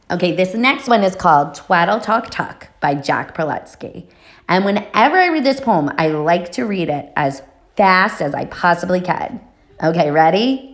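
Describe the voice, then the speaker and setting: A woman reading children's poems aloud with a lively, playful delivery. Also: fairly low pitch, unhurried. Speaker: poetry reader.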